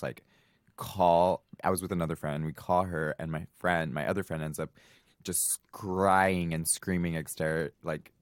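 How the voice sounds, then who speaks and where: A man guesting on a podcast tells a rambling story, full of fillers. His voice is very deep. The sound is dry and close. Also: no room sound. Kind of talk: casual anecdote telling.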